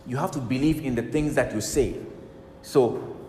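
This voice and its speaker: A man's voice: mid-range voice, moderate pace, warm tone, slight background noise. A man preaching a sermon emphatically, repeating key words and quoting scripture. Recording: echoey hall with faint ambience.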